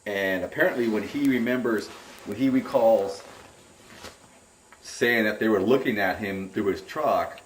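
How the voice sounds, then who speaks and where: Deep-voiced man telling a rambling story. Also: unhurried, a little hiss or hum. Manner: rambling, animated storytelling with repeated words. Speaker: interviewee. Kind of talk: personal account in an interview. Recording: roomy and distant from the mic.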